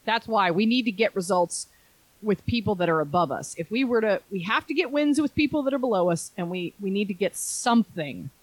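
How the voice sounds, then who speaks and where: A woman co-hosting a casual podcast, talking soccer in a chatty, emphatic way and agreeing quickly. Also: medium pitch, lively intonation, dry recording, rough recording. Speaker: podcast co-host. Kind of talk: casual chat about soccer.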